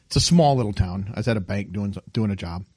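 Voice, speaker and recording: Animated man telling funny stories. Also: on the low side, quick pace, slightly rough, dry recording. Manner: animated storyteller, acts out voices with laughs. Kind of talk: casual chat.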